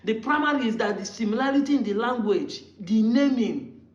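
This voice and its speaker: A commentator from Nigeria speaks with a Nigerian English accent, pressing a heated argument through strings of rhetorical questions. The voice sits at a middling pitch. The recording carries a roomy echo and a somewhat muffled, dull tone. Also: lively intonation, brisk. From Nigeria, Igbo. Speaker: online commentator.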